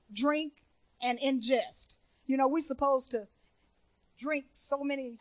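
High-voiced woman minister preaching slowly. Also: no echo, poor audio. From Chicago. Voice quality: earnest, testifying, builds from hushed to emphatic. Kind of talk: sermon.

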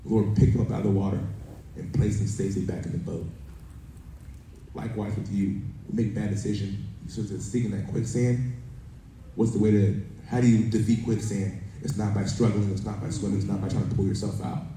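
A man's voice: fairly low pitch, fairly even intonation, brisk, mellow. A man preaching a sermon, telling a family story and reading scripture in a conversational way. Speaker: pastor. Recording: roomy echo from a distance, faint background noise.

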